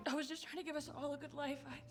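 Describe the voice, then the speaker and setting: An earnest young mother , played by an actress in a scripted drama, speaking with plain emotion. Her voice is high, and music plays softly behind her. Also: flat delivery, racing, close to an everyday voice. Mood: tender. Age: young adult. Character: young mother tempted by witches.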